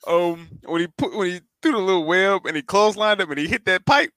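A man's voice: high-pitched, fairly quick, sharp tone, no room sound. A man co-hosting a podcast in casual chat, talking loosely and profanely. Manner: casual, profane, riffing on movies. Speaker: podcast co-host.

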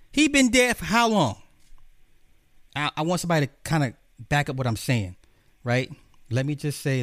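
A man's voice: on the high side, fairly bright tone, dry recording, studio quality. A man giving a casual, profane, rambling film rant, talking straight to his viewers. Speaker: streamer reviewing a film.

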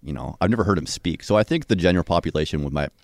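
Male, 30s, deep and relaxed sports radio co-host, dry sound. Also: rapid-fire, vocal fry, dry recording. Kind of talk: casual sports radio chat.

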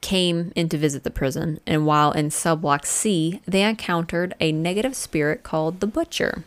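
A woman's voice: sits low, normal speed. Swearing woman telling ghost stories. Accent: Northern US. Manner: chatty storyteller, swears often, trails off and restarts. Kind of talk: casual chat.

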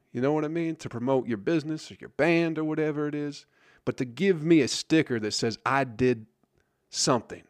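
A man's voice: fairly high pitch, dry recording, clean studio sound. A man hosting a solo podcast, ranting in a grumpy, sarcastic, profane way. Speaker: podcast host.

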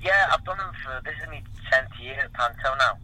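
A man as a radio guest, telling stories in a relaxed way and often repeating words. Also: mid-range voice, a little fast, a little hiss or hum, rough recording. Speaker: guest performer. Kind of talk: casual chat.

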